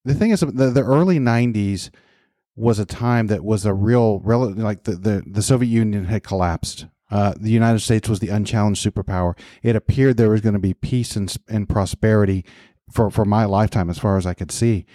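Man in his fifties, podcast co-host, mellow low voice, reflective, dry close sound. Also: normal speed, no room sound. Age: 50s. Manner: reflective, talks with many restarts. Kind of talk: casual podcast conversation.

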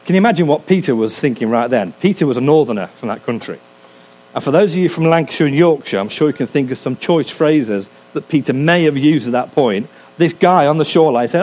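A man's voice: fairly high pitch, expressive, a little fast, a little mellow, poor audio. A man preaching a sermon in a humorous, conversational way, often asking his listeners questions. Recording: faint hum, sermon recorded for a podcast.

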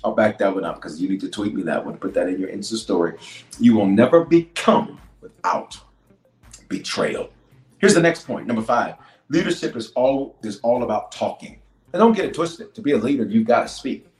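Man, bishop, sermon, deep voice, loud-to-hushed preaching, repeats lines, roomy echo.

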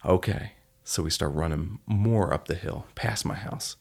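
A man's voice: low voice, measured pace, gravelly, darkish tone, slightly rough. A man hosting a solo podcast, telling stories in an earnest, heartfelt way. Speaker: podcast host.

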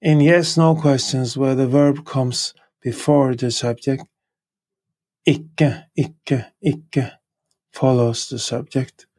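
Slow gravelly man teaching, repeating words. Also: mid-range voice, steady tone, a little mellow. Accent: Norwegian. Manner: slow, repeats each example word and sentence three times. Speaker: language teacher. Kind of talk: podcast language lesson.

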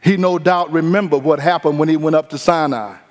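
A high-voiced man preaches with energy, slipping into the voices of the people he describes. His easygoing church talk rings through a long, echoing hall. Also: a little fast. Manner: animated preaching with acted-out quotes. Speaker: pastor. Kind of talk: sermon.

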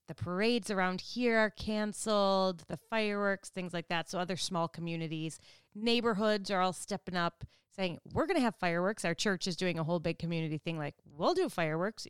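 Talking casually to her viewers, this Wisconsin woman of about forty, a Midwestern vlogger, laughs a lot and performs the lines of people she quotes. The studio-quality recording is dry, and her voice is smooth and medium in pitch.

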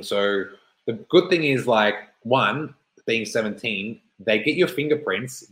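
A man from Melbourne in his thirties, telling a rambling personal story with lots of swearing and acted-out quotes. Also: fairly low pitch. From Melbourne, Australia. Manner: rambling, animated, swears freely, acts out quotes. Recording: roomy echo.

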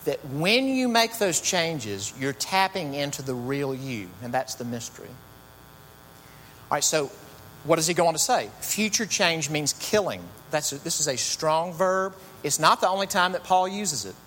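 A man's voice: fairly high pitch, sing-song, measured pace, fairly bright tone. A man preaching a sermon in a conversational, storytelling way with chatty asides. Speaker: pastor. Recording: long reverb, faint hum.

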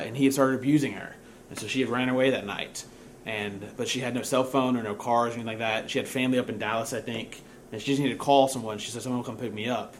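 A man's voice: mid-range voice, a little hiss or hum. A young man preaching as a pastor, telling a story in a casual, self-mocking way and laughing at himself. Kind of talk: sermon storytelling.

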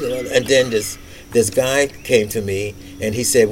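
An older man tells stories as a podcast host, loose and colloquial with a wry streak. His voice sits at an ordinary middle pitch, and faint noise runs under the recording. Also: normal speed. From New York City. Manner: lively, colloquial, wry retelling with repetitions. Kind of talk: casual storytelling monologue.

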